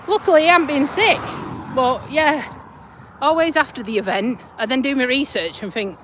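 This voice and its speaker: A woman's voice: high voice, moderate pace, a bit bright, slight background noise, poor audio. A woman chatting casually on a live stream while walking her dog outdoors, speaking into a handheld phone in a down-to-earth way with some swearing. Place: outdoors on an urban walk. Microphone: phone held in hand.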